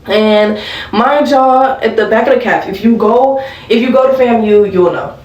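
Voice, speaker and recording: A woman's voice: a little high, normal speed, darkish tone, roomy sound, recorded from a distance, lo-fi sound. A young woman vlogger chatting casually through a storytime while doing her makeup, laughing and talking to viewers as y'all. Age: young adult.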